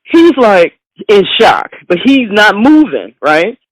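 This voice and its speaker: A woman from Philadelphia, a bass player and interview guest, telling a lively anecdote. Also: takes it slowly, no echo, poor audio. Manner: lively anecdote with voiced quotes. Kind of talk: animated storytelling.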